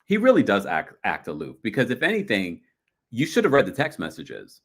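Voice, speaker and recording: A man hosting a casual livestream recap, gossiping and reading viewer comments, often mimicking people in high voices. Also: huge pitch swings, fairly quick, fairly bright tone, slightly rough. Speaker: recap show host.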